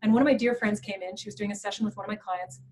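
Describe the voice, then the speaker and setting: A woman presenting a professional development workshop in an animated, playful way, laughing often. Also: medium pitch, racing, slight background noise, rough recording. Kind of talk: workshop talk.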